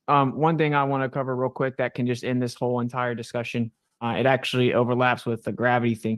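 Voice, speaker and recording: Brief: male debater, mid-pitched, methodical and sure of himself. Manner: confident, explains step by step, checks with "right?". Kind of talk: debate argument.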